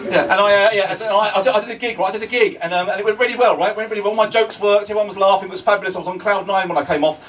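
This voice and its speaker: A man's voice: sits high, steady tone, rapid-fire, hardly any pauses, far from the mic, background noise. An older man doing a stand-up comedy set, chatty, repeating his phrases and checking in with the crowd. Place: comedy club stage before a laughing audience.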